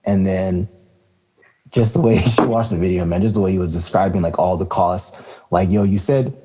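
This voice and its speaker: A man's voice: sits low, fairly even intonation, fairly quick, warm tone, slight background noise. A man co-hosting a casual hip-hop podcast, talking in a laid-back, rambling way with lots of fillers and laughter. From Canada. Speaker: podcast co-host.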